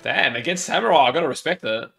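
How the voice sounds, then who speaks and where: A man co-hosting a movie reaction, chatting casually and breaking into excited exclamations. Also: a little high, quick pace, vocal fry, faint music behind.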